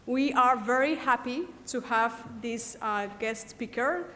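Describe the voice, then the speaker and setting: A woman's voice: on the high side, a little hiss or hum. A woman chairing a session, giving a formal, careful introduction of the guest speaker with a few hesitations. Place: lecture hall. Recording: long hall reverb.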